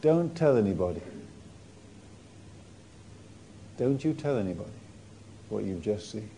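Gentle Jesus figure, soft hush, dark mellow tone, man putting it on. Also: on the low side, steady tone, fast, slight background noise, voice pushed down, close to an everyday voice. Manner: hushed and soft. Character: gentle tender male Jesus figure in a retold story.

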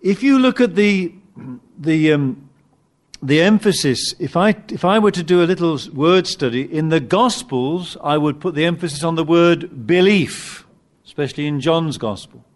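A man preaching a sermon, animated and emphatic at times, with halting restarts as he searches for words. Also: on the high side. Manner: animated, rising to emphatic peaks.

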